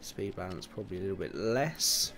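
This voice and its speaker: A young man in his twenties with a fairly low voice, talking through a livestream in a loose, chatty way. He mutters to himself as he tweaks settings and drops in chuckling asides. There is a clear hum of background noise under his voice. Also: animated, a little fast. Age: 20s. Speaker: livestream gamer. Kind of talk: casual livestream commentary.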